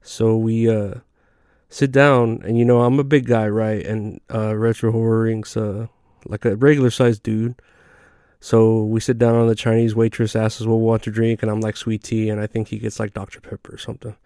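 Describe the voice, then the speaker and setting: Mellow, laid-back man telling crude stories. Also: lowish voice, level tone, normal speed, smooth, dry recording, studio quality. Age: adult. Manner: laid-back, profane, rambling with fillers. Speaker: comedy podcast host. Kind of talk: casual comedic storytelling.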